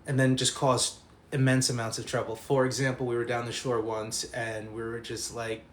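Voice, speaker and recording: A man's voice: mid-range voice, level tone, moderate pace, a little hiss or hum. A man telling a rowdy anecdote in casual talk, laughing often and swearing freely.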